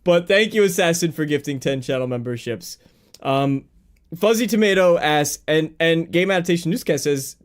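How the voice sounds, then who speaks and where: A man's voice: fairly high pitch, animated, moderate pace. A man hosting a live-streamed gaming news chat, talking casually, laughing easily and reading chat messages aloud. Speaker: stream host.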